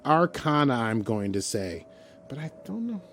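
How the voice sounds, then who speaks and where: A man's voice: mid-range voice, very animated, a bit bright, slight background noise. Rambling man recapping a tv episode. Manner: rambling retelling with quick impressions of characters. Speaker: podcast co-host recapping an episode. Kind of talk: casual chat.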